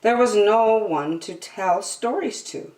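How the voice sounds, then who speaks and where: A woman reading a children's picture book aloud with slow, expressive delivery. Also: mid-range voice. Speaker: children's storyteller. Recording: roomy, from a distance.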